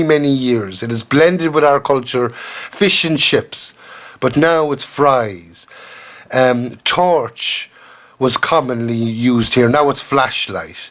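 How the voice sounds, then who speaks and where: An Irish man talks alone into his podcast in an earnest, rambling manner. His voice sits at an ordinary middle pitch but often leaps upward as he makes a point. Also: fairly bright tone. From Ireland. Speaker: podcast host. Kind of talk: solo podcast monologue.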